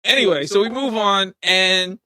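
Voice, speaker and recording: A man co-hosting a podcast, giving a casual, joking movie recap full of slang and quick laughs. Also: high voice, no room sound. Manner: animated storyteller, slangy, laughs often. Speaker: podcast co-host.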